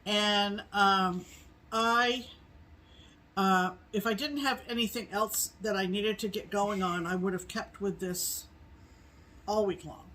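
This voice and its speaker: A middle-aged woman from New England co-hosting a casual chat, rambling slowly with many ums. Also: medium pitch, steady tone, pushed and bright, rough recording. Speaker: co-host.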